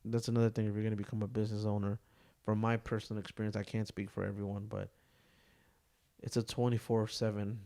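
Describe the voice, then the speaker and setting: A young man with a fairly low, fast voice co-hosts a casual podcast, chatting as an animated storyteller who jokes around and swears freely.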